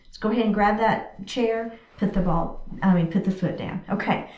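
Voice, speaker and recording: A woman's voice: medium pitch, moderate pace, lo-fi sound. A woman chair yoga instructor, cueing each movement step by step in an encouraging way during a guided class. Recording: echoey room from a distance.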